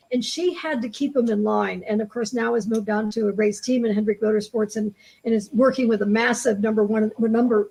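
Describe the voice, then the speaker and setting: A woman's voice: fairly high pitch, a little mellow, poor audio. A woman on a panel, talking enthusiastically about her colleagues with restarts and asides. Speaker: panel speaker. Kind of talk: panel talk.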